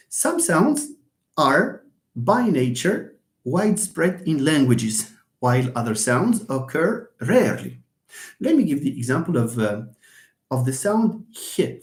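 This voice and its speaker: Animated man lecturing in a roomy space. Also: a little high. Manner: animated, explanatory, asks and answers his own questions. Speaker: linguistics lecturer. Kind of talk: live lecture with exercises. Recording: roomy echo.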